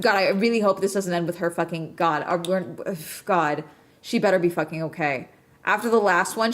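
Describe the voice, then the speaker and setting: A woman talks over a video she is watching, her voice sitting in an ordinary middle register. She is tense and swears freely, pleading with the screen in urgent bursts. It is loose, unscripted reaction chat. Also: mid-range voice.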